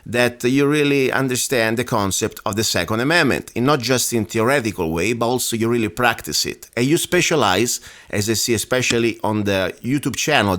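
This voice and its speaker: Foreign-accented guy hosting talk radio, loud and animated, laughs a lot. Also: medium pitch. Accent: foreign-accented English. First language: not English. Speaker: radio show host.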